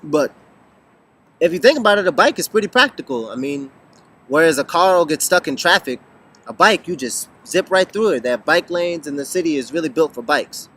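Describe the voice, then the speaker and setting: A man with a slightly high voice chats to camera, answering viewers' questions. He talks casually, pausing often and restarting sentences as he thinks. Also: lively intonation, a bit bright, breathy edge. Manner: thoughtful, many ums and restarts. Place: lives in Beijing.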